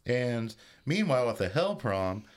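A male horror movie podcast co-host recaps a film's plot in casual, loose, profane storytelling. His voice is medium in pitch and very animated, though his pace stays measured.

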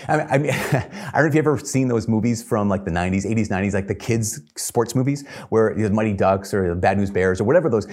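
A man's voice: lowish voice, a little mellow. A man preaching a sermon in an earnest, conversational way, chuckling now and then.

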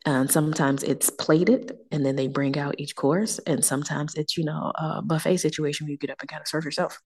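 A woman chatting on a podcast, telling animated stories, acting out quoted people in voices and using casual slang. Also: sits low, a little fast, husky. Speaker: wine tour guest.

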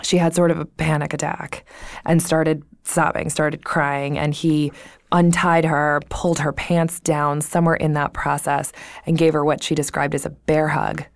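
Brief: young woman podcast co-host, lowish voice, frank and profane, dry close mic. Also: gravelly, no echo. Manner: blunt, profane, laughs often, animated retelling. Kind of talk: casual chat.

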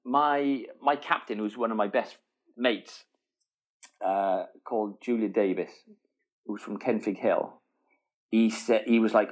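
A middle-aged man spins an animated story as a guest in a relaxed interview. He laughs often and keeps restarting his sentences as the story runs on. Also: lowish voice, unhurried, long pauses. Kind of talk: casual storytelling.

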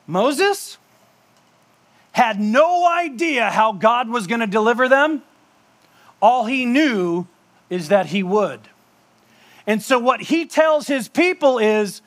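A man's voice: very high voice, lively intonation, slow pace, pauses often, a bit bright. A male pastor giving a conversational sermon, joking with asides to the congregation.

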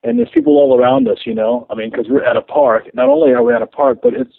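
A man, a guest minister, telling a story over the phone in an animated way, repeating his words and laughing as he goes. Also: medium pitch, fast talker, vocal fry, a little hiss or hum. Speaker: podcast guest, street minister. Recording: tinny phone line.

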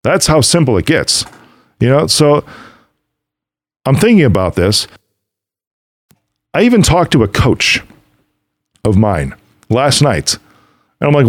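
This podcast host is a middle-aged man whose mid-range voice swings widely in pitch, moving slowly with long pauses over clean, echo-free studio sound. His motivational monologue is casual and full of stories, where he plays out conversations by quoting others and himself, with the occasional curse.

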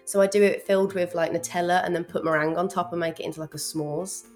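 A woman, a cookbook author, guesting on a podcast and talking in a bubbly, animated way, full of "like" and "um". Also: on the low side, quick pace, soft background music. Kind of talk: casual interview chat.

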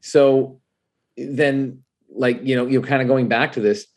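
A man in casual podcast chat, animated and laughing often, who calls people "dude". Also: medium pitch, a little slow. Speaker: whiskey content creator and spirits judge.

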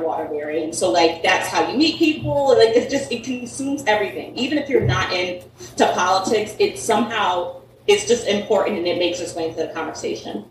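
A woman's voice: medium pitch, a little hiss or hum. A woman from Connecticut with a Connecticut accent, a guest telling her story in a casual chat, filling her talk with "like" and "um". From Connecticut, USA. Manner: talkative, uses "like" and "um" a lot. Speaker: podcast guest. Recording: echoey room, mic at a distance.

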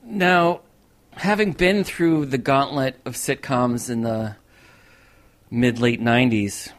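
A man's voice: medium pitch, slow pace. Man interviewing with short prompts. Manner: brief, encouraging interjections. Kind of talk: casual interview.

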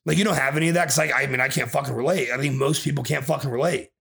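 A man's voice: medium pitch, very fast, vocal fry, a bit bright. A man hosting a podcast as a bodybuilding coach, ranting in an aggressive, profane way and swearing constantly.

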